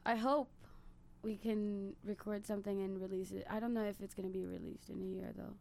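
Woman in a band being interviewed, teasing, jokey, deadpan jabs. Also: medium pitch, a little fast, gravelly, slight background noise. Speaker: band member, guest. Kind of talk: casual interview chat.

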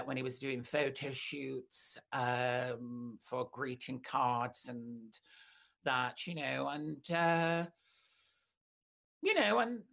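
An older woman, a singer telling long anecdotes in an interview, full of fillers and sudden jumps up in pitch. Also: vocal fry. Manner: rambling storyteller, many fillers, camp asides, pitch leaps up when excited.

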